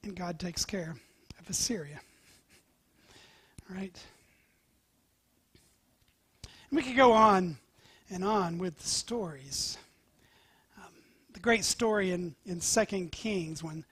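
A male pastor preaching a sermon, telling scripture stories with animated swings from loud to whispered. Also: high voice, slow, long pauses, slightly rough, dry recording. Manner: animated storytelling, dropping to near-whispers.

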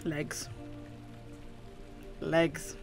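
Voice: drawn-out words, soft background music. A gamer with a London accent and a slight lisp, commenting on a horror game in a chatty, jumpy way, swearing often. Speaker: gaming video host. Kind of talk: let's play commentary.

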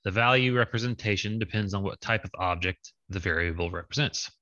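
A man's voice: fairly low pitch, brisk, sharp tone, dry recording, lo-fi sound. A man leading an online coding lab over a video call, casual and thinking aloud with many fillers. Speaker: lab instructor. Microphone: video call with screen share.

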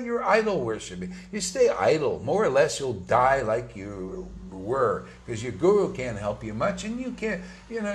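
A man giving an informal, emphatic sermon to his followers, talking conversationally with slangy asides. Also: high-pitched. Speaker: spiritual teacher.

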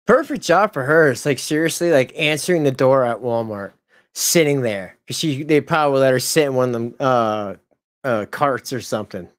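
Halting male live stream host. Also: mid-range voice. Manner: halting, filler-heavy, wry asides. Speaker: commentary channel host.

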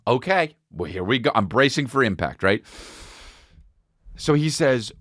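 A man hosting a podcast, telling a comic story in a loud, profane way and acting out each person's lines. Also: unhurried, no room sound, clean studio sound. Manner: animated and profane, acting out dialogue with big pitch jumps. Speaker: podcast host. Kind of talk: comedic storytelling monologue.

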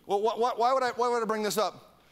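Animated high-voiced male pastor preaching. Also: quick pace. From Iowa. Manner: animated, with mock whiny voices and calls for the crowd to repeat. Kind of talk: sermon. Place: church service.

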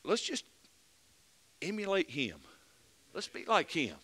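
A man preaching a fervent mid-week sermon as pastor, building to loud emphatic peaks and dropping back to earnest plain talk. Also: a little high, wildly swooping pitch, slow, breathy edge. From United States.

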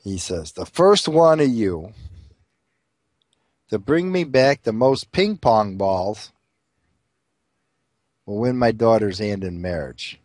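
A man telling crude jokes as an animated storyteller, doing many character voices. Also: fairly low pitch, slow pace, long pauses, no room sound, clean studio sound. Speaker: joke teller.

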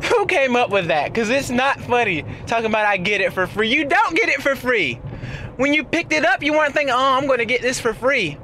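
A man's voice: very high voice, lively intonation, fairly quick, sharp tone. A young man in a casual vlog, talking and ranting from inside his car while he drives, laughing often and trailing off into fillers. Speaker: vlogger. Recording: car and road noise behind voice. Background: road and traffic noise.

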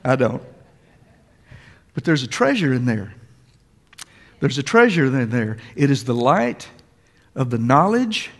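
A preacher addresses the congregation directly in a church sanctuary, emphatic and given to repetition. He speaks at a medium pitch with a creaky quality, and the hall's long reverb lingers.

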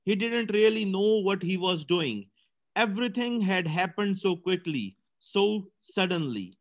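A man's voice: high-pitched, lively intonation, measured pace. A male teacher reading a story aloud for a comprehension lesson, stumbling now and then and correcting himself.

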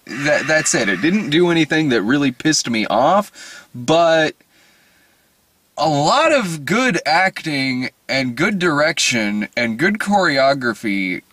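A man's voice: on the high side, big pitch swings, takes it slowly, bright, forceful tone, no room sound. A man hosting a casual movie review podcast, rambling and profane, laughing often as he talks.

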